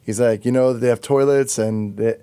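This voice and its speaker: Mellow-voiced male podcast host. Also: mid-range voice, fairly even intonation, normal speed, clean tone, no room sound. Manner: reflective, with frequent fillers and restarts. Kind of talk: conversational interview.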